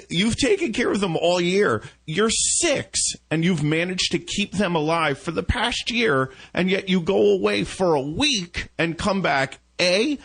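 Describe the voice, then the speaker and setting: Husky man with a lively comic rant. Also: fairly high pitch. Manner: animated, joking, rambling. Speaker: radio segment host. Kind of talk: comic monologue.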